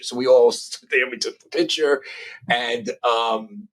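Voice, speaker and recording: A middle-aged man, telling profane, lively anecdotes as a journalist guest in a casual interview. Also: mid-range voice, normal speed, breathy edge. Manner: animated, profane anecdotes with impressions.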